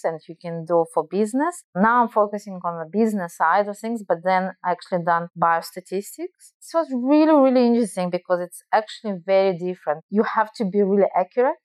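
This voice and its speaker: A woman's voice: medium pitch, clean tone, dry recording. A woman from Belarus with a Russian accent, answering interview questions earnestly and thinking aloud with many restarts. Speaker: guest.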